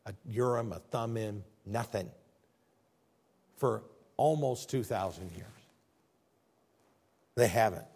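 A man preaching a sermon from scripture. He reads verses in old-fashioned wording, then rises into loud, emphatic stretches before sinking back to a quiet, low murmur.

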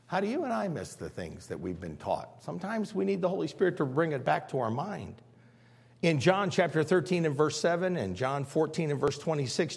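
In a church, a male pastor with a high-pitched voice preaches a sermon, acting out scenes and swinging between hushed and loud.

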